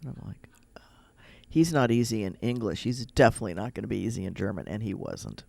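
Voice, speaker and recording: A man's voice: fairly low pitch, expressive, fast, vocal fry, darkish tone, dry recording. A man with a Midwestern American accent, chatting casually on a radio show and rambling through personal stories. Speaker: rabbi, radio guest.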